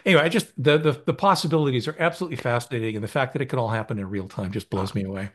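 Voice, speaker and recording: A man's voice: medium pitch, rapid-fire. An American man co-hosting a podcast, explaining ideas in casual chat in a thoughtful, enthusiastic way, seated at his usual recording spot. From United States.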